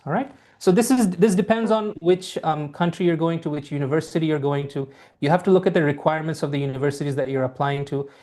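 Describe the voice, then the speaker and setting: His voice is a little high and somewhat dark. A young Bangla-speaking man from Bangladesh, he teaches English live online into a laptop mic, sounding friendly and hesitant with many fillers, his largely American accent tinged with Bengali.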